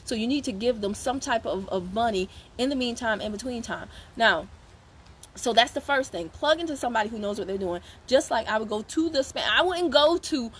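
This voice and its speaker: High-voiced woman coaching. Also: animated, fairly quick, slight background noise. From Savannah, Georgia, USA. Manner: emphatic, repetitive, chatty with asides to viewers. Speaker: network marketing seller coaching her team. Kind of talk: motivational live stream talk.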